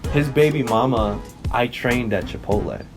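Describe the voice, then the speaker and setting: A man's voice: mid-range voice, animated, moderate pace, over music. A young man co-hosting a podcast, telling stories in a loose, rambling way with swearing and self-corrections. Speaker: podcast co-host. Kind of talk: casual chat.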